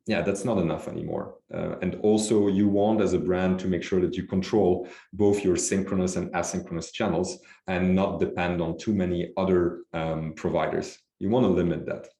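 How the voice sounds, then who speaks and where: A man, a company executive, answering interview questions in a measured way with frequent fillers and restarts. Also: low-pitched, mellow, roomy sound. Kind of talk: business interview.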